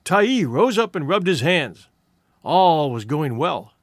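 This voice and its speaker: A man reading a story aloud with drama and expression. His voice runs fairly high and moves a great deal, and it is recorded close and dry with no room sound. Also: big pitch swings, slow pace, no room sound. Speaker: narrator. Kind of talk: scripted audiobook narration.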